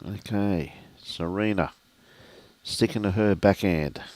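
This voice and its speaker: A man's voice: low voice, takes it slowly. Older Australian man commentating lawn bowls. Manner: relaxed, chatty, greets viewers by name. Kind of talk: live sports commentary. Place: outdoor bowls club.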